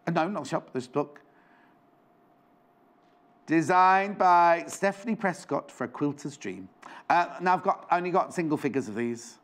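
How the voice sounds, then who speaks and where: A man's voice: on the high side, lively intonation, unhurried, long pauses, a bit bright. A man presenting a live shopping show in a studio, chatty and rambling with jokey asides.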